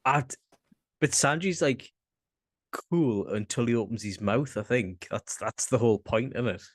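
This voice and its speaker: A man's voice: medium pitch, measured pace, no room sound, studio quality. A man with a Northern English accent, co-hosting a casual podcast chat, laid-back and hesitant, often trailing off. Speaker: podcast co-host.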